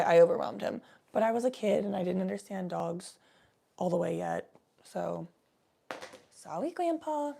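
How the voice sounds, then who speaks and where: A woman's voice: medium pitch, creaky. A young woman telling rambling, profane stories in a laid-back, casual chat with the odd cough. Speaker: vlogger.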